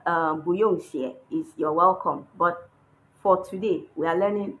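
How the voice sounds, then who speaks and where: Slow, patient woman teaching a language. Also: fairly low pitch, a little hiss or hum, rough recording. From Nigeria. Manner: patient, checks in with frequent "hmm?". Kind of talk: online lesson, explaining while writing characters.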